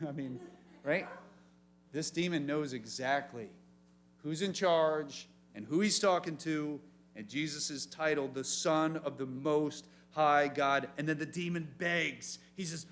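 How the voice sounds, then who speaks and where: Man preaching to a teen group, animated, voice a bit high, asks questions. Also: unhurried, pauses often, slight background noise. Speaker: youth pastor. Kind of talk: sermon. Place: church youth meeting room.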